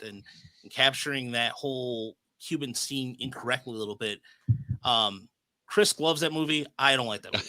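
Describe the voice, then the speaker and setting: A man's voice: medium pitch, moderate pace, sharp tone. A man co-hosting a podcast in casual chat, opinionated and emphatic. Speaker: podcast co-host.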